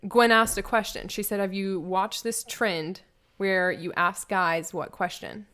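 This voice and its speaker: A woman's voice: mid-range voice, measured pace. A woman co-hosting a casual podcast, telling anecdotes and teasing her friends with a quiz. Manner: teasing, animated storyteller. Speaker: podcast co-host, quiz asker. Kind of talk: casual chat.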